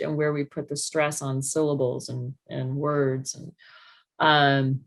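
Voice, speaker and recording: A woman speech-language pathologist explaining to parents in a lively way, acting out speech sounds as she goes. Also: deep voice. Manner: animated, demonstrates speech sounds.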